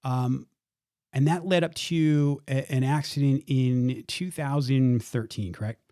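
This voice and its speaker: A man's voice: mid-range voice, steady tone, measured pace, dark tone, no room sound, clean studio sound. A man hosting a podcast, giving an earnest introduction and then interviewing his guest, often repeating words as he gathers his thoughts. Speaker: podcast host.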